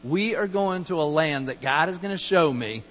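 A man's voice: on the high side, expressive, normal speed, a bit bright. A man voicing an old male patriarch during a sermon, speaking in an earnest, matter-of-fact way. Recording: long hall reverb, mains hum.

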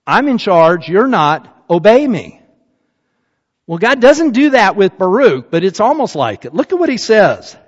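A man giving a sermon as pastor, telling stories in a rambling way with many restarts. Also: sits high. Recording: dull, echoey hall.

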